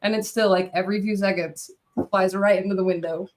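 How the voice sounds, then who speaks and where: A woman's voice: mid-range voice, fairly even intonation, brisk. A young woman appearing as a developer guest on a video call, casual and easily distracted, talking with many fillers. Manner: giggly, distracted, lots of "like" fillers. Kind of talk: casual chat.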